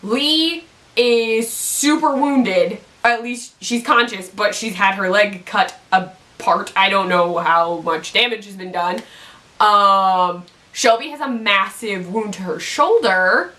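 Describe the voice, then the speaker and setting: A woman hosting a casual video recap, chatty and excitable, full of "like" and "um". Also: mid-range voice, slow pace, far from the mic. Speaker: YouTube TV recap host. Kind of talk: casual chat.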